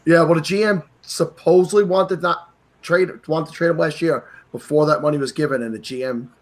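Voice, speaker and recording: A man's voice: fairly high pitch, steady tone, fairly quick. A man hosting a casual sports podcast, opinionated and emphatic. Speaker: podcast host. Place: New York.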